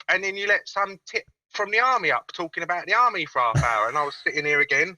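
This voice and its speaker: A man's voice: on the high side, animated, fast, sharp tone, no echo, low-quality recording. A man calling in to a video call-in show, talking in a crude, sarcastic way and swearing freely. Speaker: caller. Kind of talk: casual video call-in chat.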